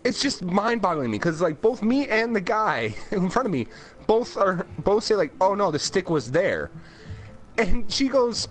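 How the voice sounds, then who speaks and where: A man's voice: sits high, sing-song, moderate pace, a bit bright, soft background music. A man co-hosting a podcast, telling a rambling story in casual chat with restarts and laughs. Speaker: podcast co-host. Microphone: home podcast mic.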